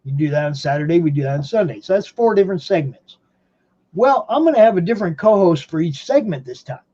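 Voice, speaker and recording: A man's voice: on the high side, animated, fast, dark tone, muffled recording. A man hosting a podcast from home in rambling casual chat, laughing often. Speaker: podcast host.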